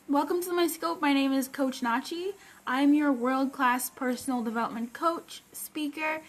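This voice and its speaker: A woman with a high voice hosts her own livestream as a personal development coach. Her talk is upbeat and chatty, and she breaks off often to greet viewers by name before she picks up her point again. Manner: upbeat, greets viewers mid-sentence, bursts of excitement. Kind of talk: live-stream chat greeting viewers.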